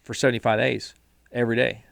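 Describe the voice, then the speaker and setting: A man's voice: mid-range voice, level tone, fast talker, gravelly, a bit bright, no echo. A man co-hosting a podcast, talking bluntly and casually about discipline and sticking to a plan, sometimes restarting his words. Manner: blunt, mildly profane, repeats words when restarting. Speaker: podcast co-host. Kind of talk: casual motivational chat.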